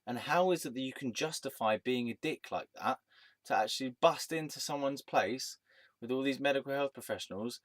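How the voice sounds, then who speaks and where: A man's voice: mid-range voice, dry recording. A man telling a personal story in a rambling, angry rant, swearing and restarting his sentences. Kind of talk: casual storytelling monologue.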